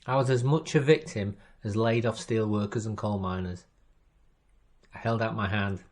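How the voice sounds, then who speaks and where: A man's voice: on the low side, steady tone, moderate pace, a little mellow. Man reading a wry crime story. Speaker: story reader. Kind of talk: scripted first-person narration.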